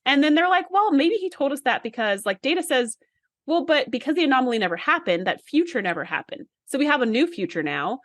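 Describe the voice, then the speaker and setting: A woman's voice: high voice, very animated, no echo, studio quality. A woman co-hosting a podcast in casual chat, retelling scenes and acting out the lines. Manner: chatty, acts out character lines in quick retellings. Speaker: podcast co-host.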